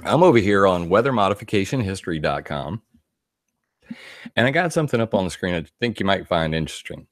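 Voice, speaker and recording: Animated man with a low, lively voice. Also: fairly quick, no room sound, clean studio sound. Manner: animated, laughs often, reads quotes aloud in shifting voices. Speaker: video blogger. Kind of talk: casual commentary.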